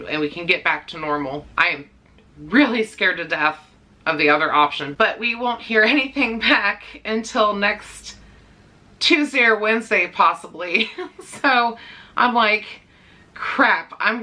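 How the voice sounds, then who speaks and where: Bright-voiced woman vlogging candidly. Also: lowish voice. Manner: candid and rambling, with worried pauses and nervous laughs. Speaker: dog-care vlogger. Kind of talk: casual vlog talk to camera.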